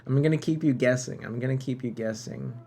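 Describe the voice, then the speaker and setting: A man's voice: mid-range voice, fairly quick, vocal fry, warm tone, slight background noise. A man streaming a game live, musing aloud and bantering playfully with viewers.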